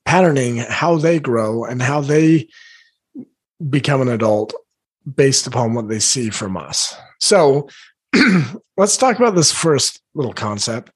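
A man coaching parents, talking earnestly and encouragingly about yelling at their teenagers, now and then clearing his throat. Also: mid-range voice. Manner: earnest, encouraging, invites listeners gently.

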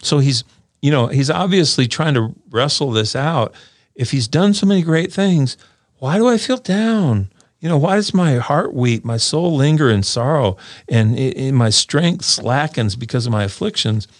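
A man's voice: medium pitch, lively intonation, no echo. Earnest man explaining scripture, dry sound. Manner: earnest, repeats words when starting sentences, reads verses aloud slowly. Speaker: podcast co-host discussing scripture. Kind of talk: casual scripture discussion. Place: small quiet room.

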